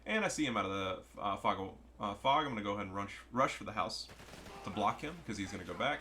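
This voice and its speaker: A man's voice: fairly low pitch, animated, fast talker, bright, forceful tone, slight background noise. A man giving casual, joking and profane commentary over a strategy game match. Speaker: gameplay commentator.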